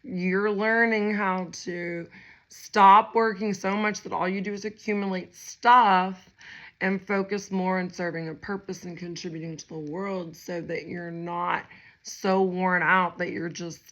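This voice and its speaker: A woman's voice: on the low side, level tone, a little slow, a bit bright, muffled recording. A woman giving a casual spiritual tarot reading to her viewers, rambling and chatty with lots of fillers and frequent laughs. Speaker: tarot reader.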